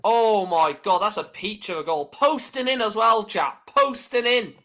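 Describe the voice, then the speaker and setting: Casting note: man, fan streamer doing match commentary, slow delivery, chatty and sweary. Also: high voice, bright, forceful tone. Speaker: live stream host.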